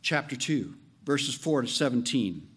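A man preaching a sermon as pastor, animated and joking, leaning on slow emphatic phrases. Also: medium pitch, breathy edge.

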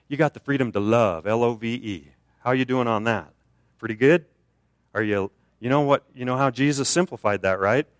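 A male American preacher delivers a lively, conversational sermon with a middle-pitched voice. He jumps up high to make a point, then drops low and soft. The sound is dry and close, with little room echo. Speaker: guest preacher. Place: church.

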